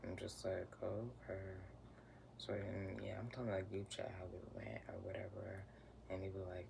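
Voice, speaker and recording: A man's voice: lowish voice, steady tone, moderate pace, vocal fry. A young man casually telling a personal story, chatty and slangy, often dropping to a near whisper. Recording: noisy room ambience.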